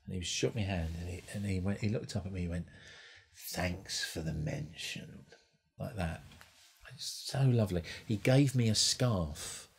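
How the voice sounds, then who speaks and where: A man doing stand-up, winding through a long, sweary anecdote and restarting his sentences often. His voice sits fairly low and sounds husky. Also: fairly quick, few pauses. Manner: rambling, profane, full of restarts. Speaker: stand-up comedian. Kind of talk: stand-up storytelling. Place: comedy club stage.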